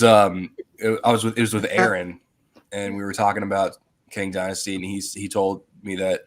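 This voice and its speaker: Rambling low-voiced man, casual host. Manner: rambling, lots of fillers and restarts. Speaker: podcast host. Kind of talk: casual movie chat over a video call. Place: online video call.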